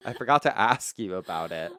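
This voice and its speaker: A man's voice: deep voice, lively intonation, fairly quick, fairly bright tone, no echo. A man in his thirties co-hosting a podcast, playful and teasing, laughing often. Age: 30s. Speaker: podcast co-host. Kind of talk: casual chat.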